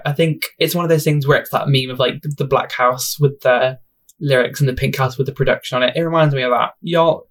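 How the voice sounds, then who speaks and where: A young man chats on his solo podcast in a loose, rambling way, laughing at himself and apologizing as he goes. His voice sits in an ordinary middle pitch for a man. He talks into a home mic. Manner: rambling, self-deprecating, giggly and expressive. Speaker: podcast host. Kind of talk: casual solo podcast chat.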